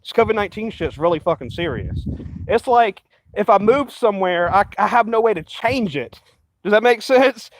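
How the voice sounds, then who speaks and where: Brief: high-pitched man, angry profane vlog rant, dry close sound. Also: animated, normal speed, no room sound, poor audio. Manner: profane, agitated, repetitive. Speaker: vlogger. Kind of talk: rambling ranting monologue.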